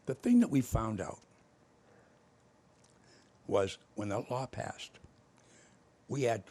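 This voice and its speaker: An older man, telling stories in casual conversation and acting out both sides of old arguments with lively energy. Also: lowish voice, takes it slowly. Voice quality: gravelly, husky. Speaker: former state official telling stories.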